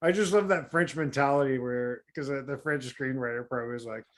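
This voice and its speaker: A man's voice: mid-range voice, fairly quick, fairly bright tone. A man co-hosting a podcast in casual chat, wry and laughing at his own jokes. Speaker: podcast co-host.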